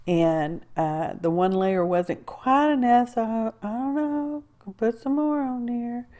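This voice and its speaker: Slow-talking woman crafter. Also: a little high, mellow. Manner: chatty and rambling, with self-talk and asides. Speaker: craft video host. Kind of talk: casual crafting tutorial narration.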